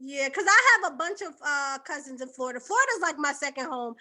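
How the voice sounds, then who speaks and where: Woman podcast guest from Boston, high bright voice, lively joking chatter. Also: quick pace. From Boston, USA. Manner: laughs easily, lively and joking. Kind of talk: casual podcast chat.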